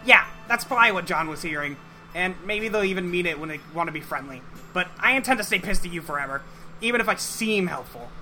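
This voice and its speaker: A man's voice: sits high, expressive, fast, bright, forceful tone, faint music behind, full character voice. A man voicing a crude, contrary young male alien troll, talking in a nasal, mocking, insulting way. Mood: taunting.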